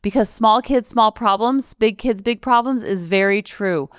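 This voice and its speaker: A woman's voice: medium pitch, a little slow, smooth, no echo, clean studio sound. A woman in her forties hosting a parenting podcast, chatting casually and piling up long lists of examples. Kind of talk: casual solo podcast talk.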